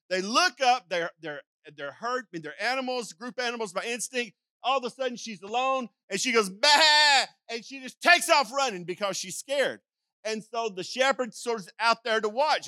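A man's voice: sits high, sharp tone, no room sound. An older man preaching a sermon in a folksy, rambling storytelling way, acting out calls and sheep sounds with frequent restarts and asides. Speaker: pastor.

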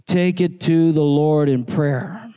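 A male pastor preaching a sermon, quoting scripture and asking the congregation questions with animated delivery. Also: fairly high pitch, takes it slowly, clean tone.

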